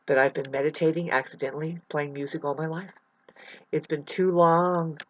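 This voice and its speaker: A vlogger talking in a rambling, unscripted monologue, full of restarts, swinging between mumbling and loud outbursts into a computer mic. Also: mid-range voice, breathy edge, no echo, lo-fi sound.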